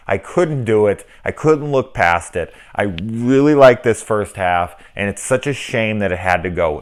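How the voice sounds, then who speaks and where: A middle-aged man talks through a film review in a loose, unscripted way. His voice sits very low, and he swears freely as he rants and mimics his own reactions. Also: animated, unhurried, hardly any pauses. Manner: profane, ranting, acts out quoted reactions. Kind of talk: casual spoken film review.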